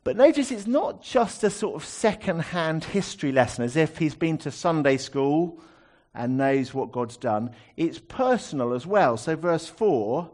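A man preaching a sermon in a conversational teaching manner. His voice sits a little high for a man and swings widely in pitch. He steps in and out of the verses he reads with easy rhetorical asides. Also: very animated, unhurried, darkish tone.

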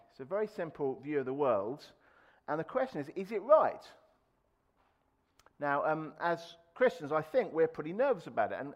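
Male preacher, slightly higher voice, chatty sermon delivery with restarts and lively quoted voices. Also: highs cut off. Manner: conversational, with many fillers and restarts; acts out quoted speech with raised voice.

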